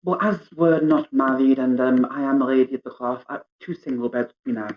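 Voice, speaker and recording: A man's voice: medium pitch, fairly even intonation, brisk, phone-quality sound, close to an everyday voice. A man voicing a polite, formal female cleric traveller who speaks hesitantly, in a tabletop game.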